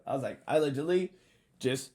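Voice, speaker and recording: A man casually telling a story, animated and profane, acting out what people said. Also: medium pitch, rapid-fire. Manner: animated, profane, acts out quotes.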